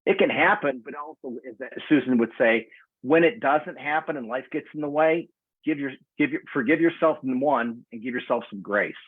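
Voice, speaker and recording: A man's voice: mid-range voice, normal speed, breathy edge, no room sound. A man in his sixties chatting enthusiastically on a video call and telling stories in a casual way. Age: 60s. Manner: enthusiastic storytelling. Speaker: community member. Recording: tinny phone-like audio.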